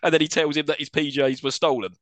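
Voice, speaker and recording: A man's voice: fairly high pitch, no echo. A man co-hosting a film podcast, recapping scenes in a casual chat, laughing often and acting out lines. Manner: animated recapping, quick to laugh, acts out scenes. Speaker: podcast co-host.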